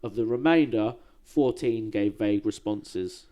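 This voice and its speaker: A man's voice: lowish voice, measured pace, dark tone. Slangy man retelling history. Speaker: podcast co-host. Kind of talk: casual history podcast chat.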